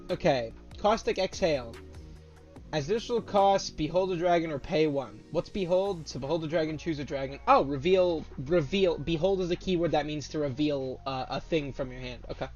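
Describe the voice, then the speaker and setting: A young man in casual chat, reading out new trading card spoilers and reacting with loud, swearing excitement. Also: fairly high pitch, moderate pace, muffled recording, faint music behind. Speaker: card game content creator.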